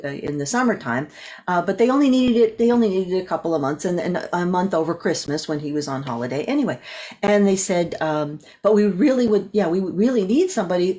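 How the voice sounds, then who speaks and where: A woman guest on an interview show, telling a long story. Her voice swoops widely as she acts out each person in it. She talks freely, with a coach's ease. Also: mid-range voice. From California. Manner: animated storyteller acting out voices.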